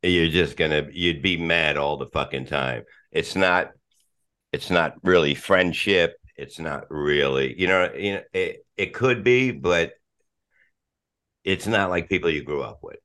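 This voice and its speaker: A man's voice: low voice, measured pace, bright, forceful tone. A middle-aged man chatting casually as a podcast guest, rambling and swearing, restarting sentences and laughing often.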